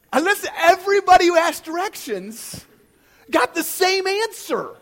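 Animated middle-aged male pastor. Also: very high voice, a little fast. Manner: animated storytelling, often checking in with "okay?". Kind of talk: sermon.

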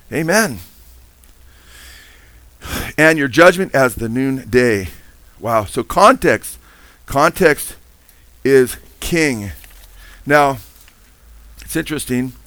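Animated man preaching a sermon. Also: a little slow, pauses often, dry recording. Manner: animated preaching, rising to emphatic highs, call-and-response "amen?". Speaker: pastor.

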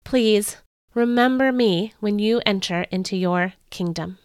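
A woman's voice: medium pitch, unhurried, clean tone, dry recording, clean studio sound, natural voice. A woman voicing a dying, repentant male criminal in a read-aloud story, in a pleading manner. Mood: desperate.

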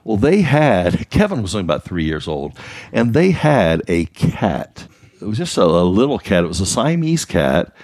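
A man's voice: fairly low pitch, big pitch swings, moderate pace, darkish tone, no echo. An older man telling family stories in a casual, teasing way with frequent chuckles. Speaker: guest, father of the host. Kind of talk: casual storytelling. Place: studio.

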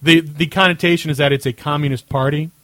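Fast-talking male co-host. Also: fairly high pitch, fairly even intonation, fairly bright tone. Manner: quick, chatty, laughing. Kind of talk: casual chat.

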